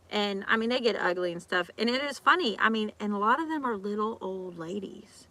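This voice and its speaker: A woman's voice: medium pitch, animated, sharp tone. A woman vlogger in casual chat, ranting animatedly with lots of repeats and acted-out quotes. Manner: talks fast with restarts and repeats.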